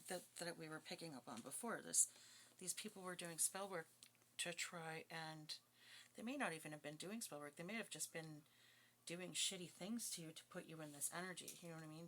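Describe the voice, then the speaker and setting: A woman with a bright, forceful voice talks through a tarot spread in a loose, chatty way, with blunt asides and bursts of giggling. Her voice sits a little low for a woman. A faint hiss runs under the recording. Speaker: tarot reader. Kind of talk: casual tarot reading.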